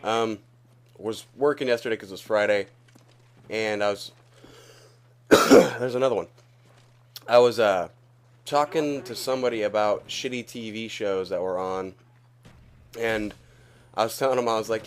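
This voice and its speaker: A man's voice: lowish voice, brisk. A young man giving casual, profane gameplay commentary, rambling and laughing at his own stories while coughing as he recovers from being sick. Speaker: gaming YouTuber.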